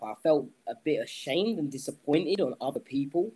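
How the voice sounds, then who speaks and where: A man's voice: mid-range voice, animated, brisk, warm tone, husky, low-quality recording. A man talking candidly as a guest in a casual podcast interview, rambling with frequent "you know"s. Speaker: guest, professional fighter.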